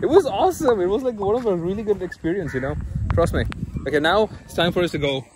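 Male travel vlogger, slightly high and animated, casual storyteller, noisy outdoor sound. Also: quick pace. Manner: chatty, laughs often, storytelling. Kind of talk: casual travel vlog chat. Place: outdoors, on the road.

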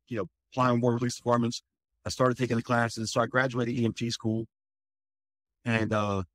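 This male firefighter, speaking at a medium pitch, gives an interview in which he recounts a personal story candidly and loosely, swearing and using lots of fillers. There's no room sound.

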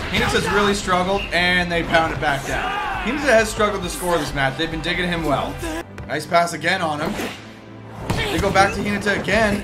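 Excited man reacting over music. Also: on the high side. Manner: excited outbursts cheering the play. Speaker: anime reaction commentator. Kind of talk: casual reaction commentary. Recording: music playing behind.

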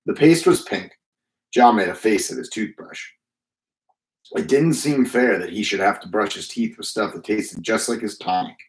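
A man's voice: fairly low pitch, moderate pace, reverberant, rough recording. Man reading a children's story aloud. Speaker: reader. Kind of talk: children's book read-aloud.

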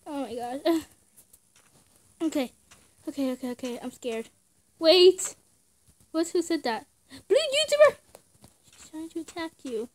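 A woman's voice: sits high, sing-song, measured pace, long pauses. A young woman giving casual gameplay commentary in short outbursts, often screaming and laughing. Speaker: gamer.

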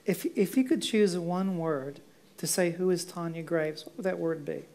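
A woman's voice: lowish voice, moderate pace, warm tone. A woman hosting an interview casually, joking and chiming in with short agreements. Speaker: interview host.

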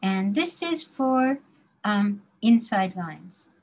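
Slow, careful woman teaching drawing. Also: mid-range voice, sing-song, low-quality recording. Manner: slow, careful explaining while drawing, sometimes murmuring to herself. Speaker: design drawing instructor. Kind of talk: classroom drawing demonstration.

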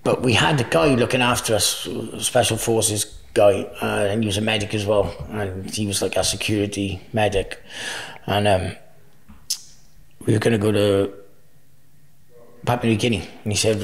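A man's voice: fairly low pitch, steady tone, moderate pace, vocal fry. A man in his forties, a podcast guest, telling rambling anecdotes, swearing freely and laughing often. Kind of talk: casual storytelling interview. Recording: roomy echo.

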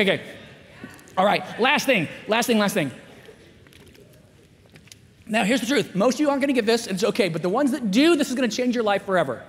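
A man in his forties giving an animated chapel sermon to students, swinging between loud emphatic lines and hushed asides. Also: high-pitched, breathy edge. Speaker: guest chapel speaker. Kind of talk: energetic chapel sermon with storytelling. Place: school chapel, large room. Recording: long hall reverb.

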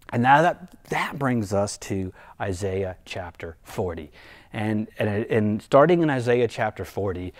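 An earnest male pastor delivering a sermon, often repeating a word as he restarts a thought. His pitch moves a great deal, and he grows louder when he reads scripture aloud. The recording is close and dry, with no room sound. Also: no room sound. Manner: earnest preaching, rising in volume when reading scripture aloud.

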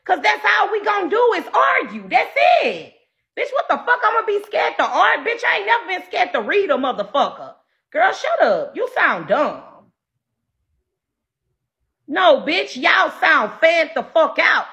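A woman livestreamer ranting at her live chat, brash, loud, profane and combative. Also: very high-pitched, very animated, measured pace, lo-fi sound.

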